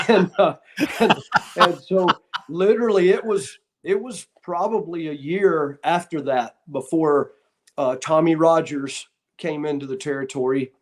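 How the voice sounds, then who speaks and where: A man with a drawl tells animated stories in a somewhat higher-than-usual voice. He speaks casually as an interview guest and plays out the lines of people in his stories. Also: unhurried. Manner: animated anecdotes, acting out what others said. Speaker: guest, former wrestler and referee. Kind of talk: casual storytelling.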